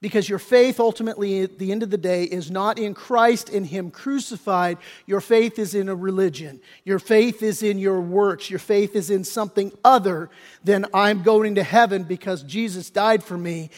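A man's voice: sits high, normal speed, darkish tone, long reverb tail. A male pastor preaching a sermon in an emphatic, folksy way, his voice swelling into bursts of intensity.

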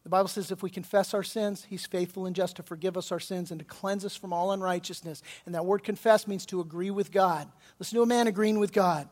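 A man pastor preaching a sermon with passion, his voice swelling loud and pleading when he quotes scripture and prayer. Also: sits high, a little fast, few pauses.

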